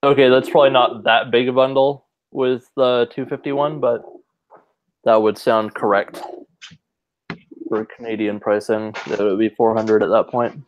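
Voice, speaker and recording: A man co-hosting a casual online chat, relaxed and quick to laugh. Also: mid-range voice, muffled recording, slight background noise. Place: online video call.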